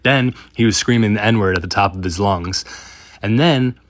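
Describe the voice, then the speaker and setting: Guy in his 30s rambling through a story, laughs a lot, low voice, dry mic. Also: normal speed, no room sound. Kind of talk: casual storytelling.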